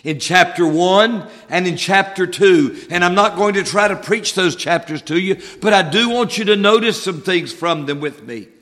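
A man preaching a sermon as pastor, measured, slowing down to stress key words. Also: sits high, fairly bright tone. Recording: long hall reverb.

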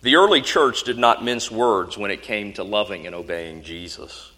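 Bright-voiced preacher in a reverberant hall. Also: male voice, fairly low pitch, normal speed. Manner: earnest, questioning, emphatic. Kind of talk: sermon.

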